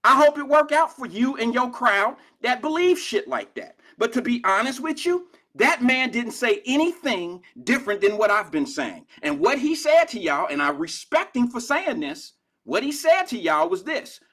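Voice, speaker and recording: A middle-aged talk show host from Cincinnati, USA, runs a live call-in show, ranting at his critics in a fiery, profane, confrontational way. His voice is very high-pitched, sing-song and sharp, at a normal speed with hardly any pauses.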